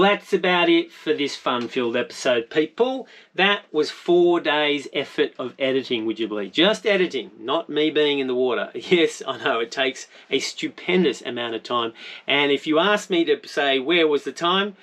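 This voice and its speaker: A man's voice: a little high, expressive, normal speed, a bit bright. An Australian man narrating his spearfishing vlog in a rambling, jokey, self-mocking way. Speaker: spearfishing vlogger.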